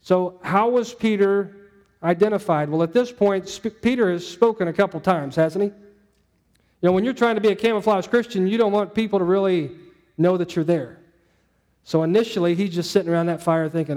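A man delivering a sermon in a chatty, down-to-earth way. His voice sits fairly high but sounds mellow and warm. He keeps checking in with the listeners. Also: normal speed. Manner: chatty, asks the audience, acts out quotes. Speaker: preacher. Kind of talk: conversational sermon.

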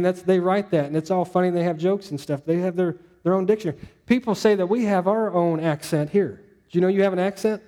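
A man delivering a sermon in a chatty, down-to-earth way. His voice sits fairly high but sounds mellow and warm. He keeps checking in with the listeners. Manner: chatty, asks the audience, acts out quotes. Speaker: preacher. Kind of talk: conversational sermon.

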